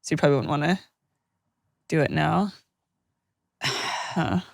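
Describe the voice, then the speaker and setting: A woman co-hosting a podcast, reading listener stories aloud with joking, animated banter. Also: deep voice, a little slow, gravelly, no echo, studio quality. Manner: animated, joking, laughs mid-sentence. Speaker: podcast co-host.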